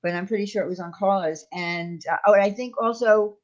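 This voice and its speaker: A woman's voice: medium pitch, brisk. Hesitant woman on a dull line. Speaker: channel host. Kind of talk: casual livestream chat. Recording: dull lo-fi sound.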